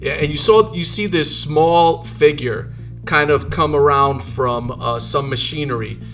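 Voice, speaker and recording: A man's voice: a little high, unhurried, fairly bright tone, soft background music. Rambling male game master. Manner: loose, rambling, many fillers. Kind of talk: narrating a tabletop game.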